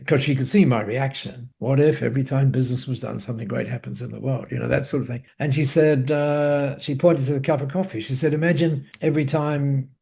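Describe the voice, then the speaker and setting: Gravelly-voiced man telling a story. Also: mid-range voice, brisk, few pauses. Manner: animated, laughs often, many fillers. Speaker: guest, business co-founder. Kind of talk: conversational storytelling. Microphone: call.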